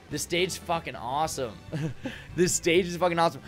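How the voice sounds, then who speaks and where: A young man streaming a game from a home room with acoustic foam, rambling excitably, swearing and laughing often. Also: a little high, moderate pace, over music. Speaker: gaming streamer. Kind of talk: casual live-stream commentary while gaming.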